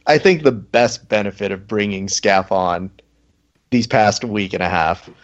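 A man's voice: on the low side, measured pace, muffled recording. A man hosting a casual podcast chat, joking and riffing with his co-hosts. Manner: jokey, riffing with bits. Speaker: podcast host.

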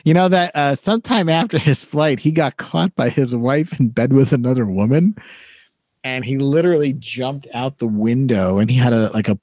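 A podcast co-host with a mid-range, slightly mellow voice chats casually at a moderate pace, rambling with lots of fillers and restarts. The recording is studio quality with no echo.

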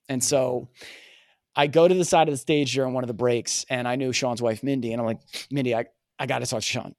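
A man guesting on a podcast, telling a personal story in an earnest, animated way and acting out the dialogue. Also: mid-range voice, fairly quick, dry recording, studio quality. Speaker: podcast guest, communication coach.

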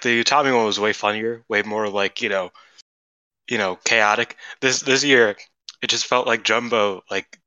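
Rambling, very bright-voiced guy. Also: lowish voice, no room sound, muffled recording. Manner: rambling and excitable, heavy "like" and "dude". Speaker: podcast co-host. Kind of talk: casual podcast banter.

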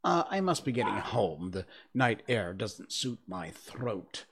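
A man voicing a fussy old magpie in a storybook, speaking slowly and quietly. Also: on the low side, sing-song, vocal fry, breathy edge, exaggerated voice.

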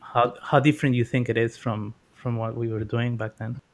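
A young man from Mexico hosts a relaxed interview, asking curious questions in loose, rambling phrases. His voice sits in a middle pitch, and he fills his sentences with fillers. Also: normal speed. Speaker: host. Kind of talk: casual interview.

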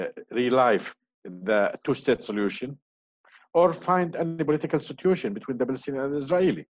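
A man's voice: medium pitch, no echo. A man answering questions as an interview guest, hesitant, with many fillers and restarts. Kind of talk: online panel interview. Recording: dull lo-fi sound.

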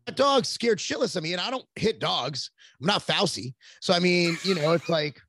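A man's voice: high-pitched, lively intonation, moderate pace, a bit bright, a little hiss or hum. A man in his forties, a podcast guest, telling long rambling stories in casual chat with plenty of cursing. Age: 40s. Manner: rambling, profane storytelling.

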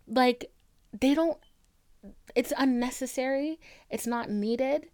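A woman's voice: high voice, animated, takes it slowly, pauses often, a little mellow, no room sound, studio quality. Frank, self-mocking young woman podcaster. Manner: frank, self-mocking, profane, with lots of "like" fillers. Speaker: podcast host. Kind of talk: candid solo podcast monologue.

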